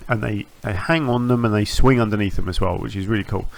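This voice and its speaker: A man with a fairly low voice and vocal fry hosts his gaming channel, talking quickly and easily through his build as he plays. He rambles from thought to thought, corrects himself, restarts phrases, and fills gaps with ums and uhs.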